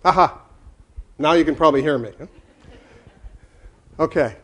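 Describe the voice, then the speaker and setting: Male speaker, high voice, emphatic, addressing a live audience with rhetorical questions. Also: normal speed, a bit bright. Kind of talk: conference talk.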